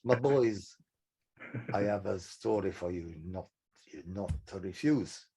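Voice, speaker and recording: Coaxing older agent with a mellow, low voice and slow, persuasive delivery, as a man impersonates him in an anecdote. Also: vocal fry, slight background noise, exaggerated voice, poor audio.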